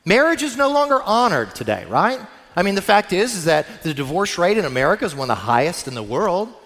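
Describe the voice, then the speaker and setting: A middle-aged male pastor delivers an animated sermon in a bright, high-pitched voice that leaps up and down. He speaks directly to his listeners and tells stories. The sound carries the long reverb of a large church hall. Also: fairly quick. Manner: animated storytelling preacher, addresses listeners directly.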